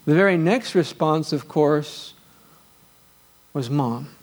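A man preaching a sermon as pastor, quizzing his congregation and lifting his voice high and loud as he reads scripture aloud. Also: slow. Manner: rises to loud exclaiming when reading scripture; asks the congregation questions.

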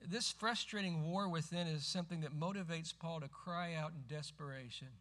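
A middle-aged man preaching a sermon as pastor, emphatic and rising to forceful cries when quoting scripture. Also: on the high side, normal speed.

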